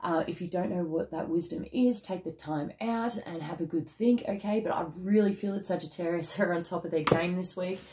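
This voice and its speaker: A woman's voice: fairly low pitch, fairly quick, hardly any pauses, warm tone. A woman giving a casual tarot reading, chatty and emphatic with mild swearing and a habit of ending lines with "okay?". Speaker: tarot card reader.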